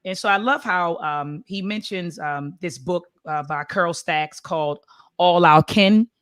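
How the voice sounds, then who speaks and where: A woman's voice: lowish voice, measured pace, fairly bright tone, clean tone, dry recording, clean studio sound. A woman in a casual book club discussion, talking with many fillers and reading passages aloud. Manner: conversational, filler-heavy, reads passages aloud.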